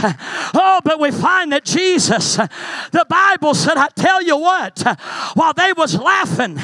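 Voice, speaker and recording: A male preacher, rousing a youth camp congregation in a sermon, often shouting and calling out to them. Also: extremely high pitch, big pitch swings, takes it slowly, no room sound.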